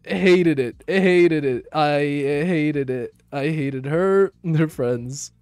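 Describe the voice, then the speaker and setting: A young man and streamer telling a story casually while gaming, slangy and profane, dropping to low mumbles and then bursting out loud. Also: slow, clear, resonant tone, no echo, faint music behind. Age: young adult. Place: home room.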